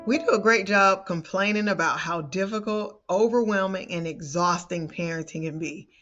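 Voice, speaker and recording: A woman parenting coach telling a personal story to the camera in an animated, expressive way. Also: mid-range voice, moderate pace, lo-fi sound, faint music behind.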